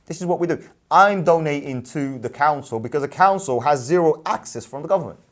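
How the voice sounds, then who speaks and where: A man's voice: fairly high pitch, brisk. Emphatic man ranting in casual talk. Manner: animated, emphatic, repeats points with rhetorical questions. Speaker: businessman and parent, show host. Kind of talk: casual discussion.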